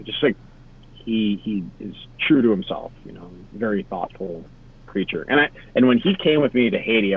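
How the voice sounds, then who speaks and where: A young man from Wisconsin, a podcast guest telling travel stories in a laid-back, rambling way over a video call. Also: lowish voice. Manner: laid-back, lots of "like" and trailing asides. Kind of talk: casual storytelling. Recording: tinny phone-like call audio.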